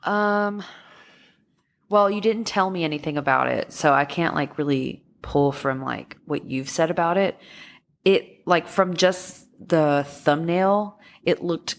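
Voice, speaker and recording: A woman's voice: lowish voice, a bit bright. A woman co-hosting a podcast in casual chat, nasal from a stuffy nose, rambling with fillers and restarts. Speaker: podcast co-host.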